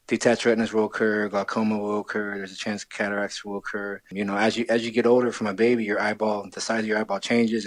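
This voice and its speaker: Fast-talking low-voiced man. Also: dry recording. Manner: friendly, rambling with restarts. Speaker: guest, scholarship winner. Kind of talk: casual interview.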